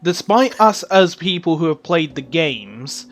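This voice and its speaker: A man's voice: a little high, very animated, a little slow. A man co-hosting a podcast, joking wryly in casual chat.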